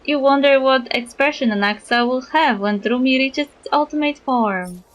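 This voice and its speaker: High-voiced woman streamer reading a game. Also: moderate pace, dull audio.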